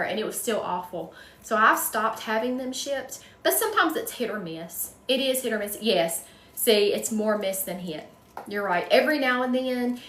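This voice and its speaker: A woman's voice: a little high, a bit bright, distant mic. A woman with a strong North Carolina Southern drawl talks in a folksy, chatty way, answering her viewers' questions as she goes. Her voice carries a noticeable room echo, with a faint hum of noise underneath. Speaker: wreath maker hosting a live stream. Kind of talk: casual live-stream chat with viewers.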